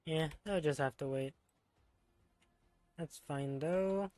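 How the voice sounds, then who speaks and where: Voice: mid-range voice, slow, darkish tone, no room sound. A streamer chatting casually while gaming, thinking aloud with fillers.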